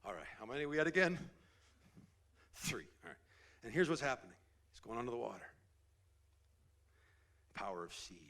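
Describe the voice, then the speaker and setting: A man preaching, telling a Bible story in a loose, animated way, sometimes dropping to a whisper for drama. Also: on the low side. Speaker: pastor. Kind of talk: sermon storytelling.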